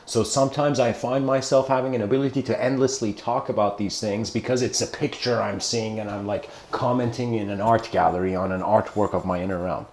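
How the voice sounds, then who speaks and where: A man's voice: lowish voice, steady tone, a little fast, hardly any pauses, darkish tone, a little hiss or hum. A man giving an informal philosophical talk, rambling and correcting himself with many "you know" fillers. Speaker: lecturer. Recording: echoey room.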